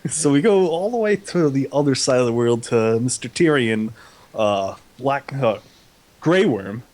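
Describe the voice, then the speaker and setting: A man's voice: mid-range voice, animated, a little slow, a little mellow. Young man doing a goofy recap. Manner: goofy paraphrasing with slangy quoted voices. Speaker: co-host recapping an episode. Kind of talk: casual comedic recap.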